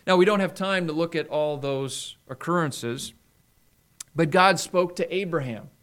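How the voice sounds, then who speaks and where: A middle-aged man preaching a sermon in an earnest way, slowing down for emphasis. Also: a little high, fairly bright tone. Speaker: pastor.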